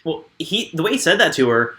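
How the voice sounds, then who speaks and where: A man co-hosting a casual recap show with a bright, forward tone. He reads from his notes and adds dry asides in a relaxed, chatty way. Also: on the high side, fairly quick. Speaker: co-host.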